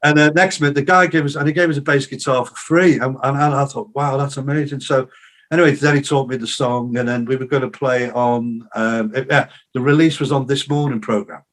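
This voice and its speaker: This is a medium-pitched, slightly fast male voice belonging to an older musician and songwriter. As a podcast guest he tells rambling, lively stories, performing other people's lines, with many fillers and false starts throughout the casual interview.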